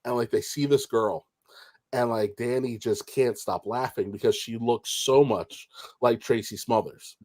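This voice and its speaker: A man co-hosting a comedic wrestling podcast, telling anecdotes in an animated, drawn-out way. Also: mid-range voice. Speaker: podcast co-host. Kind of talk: casual comedic storytelling.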